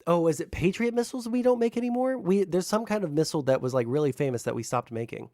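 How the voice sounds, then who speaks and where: A man's voice: sits high, expressive, fast, dark tone, dry recording, clean studio sound. A man livestreaming and chatting casually with his viewers, rambling with lots of fillers and swearing freely. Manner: talks to chat, unfiltered.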